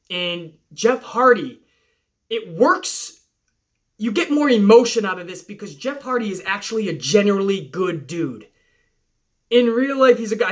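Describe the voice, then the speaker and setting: A high-pitched middle-aged man talks through a wrestling episode in a loose vlog recap. He swears constantly, rambles and drifts between points as he goes. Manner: profane, animated, rambling. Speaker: wrestling show reviewer. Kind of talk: casual opinionated recap vlog.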